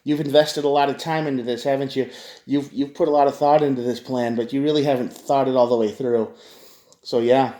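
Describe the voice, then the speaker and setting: A man's voice: medium pitch, steady tone, fairly quick, warm tone, roomy sound. Man giving a casual tarot reading. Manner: conversational, addresses viewers directly, frequent restarts. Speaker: tarot reader.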